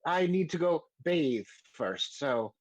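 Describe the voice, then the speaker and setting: A man voicing a polite, fussy gentleman with formal, genteel phrasing. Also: fairly high pitch, expressive, slow, no echo, highs cut off. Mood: courteous.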